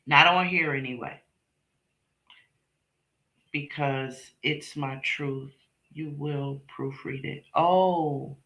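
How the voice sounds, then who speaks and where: A middle-aged woman hosts a live stream in an unhurried, drawn-out way, with a forceful, sharp-edged voice. She talks straight to her chat, blunt and emphatic, hammering her points home with repetition and the odd curse. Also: low-pitched, dull audio. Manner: blunt, emphatic, profane, repeats phrases; talks directly to chat viewers by name. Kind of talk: casual livestream chat with viewers.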